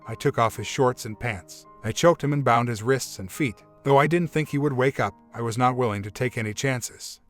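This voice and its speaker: A man narrating a first-person relationship story as scripted narration, in a steady, matter-of-fact reading. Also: medium pitch.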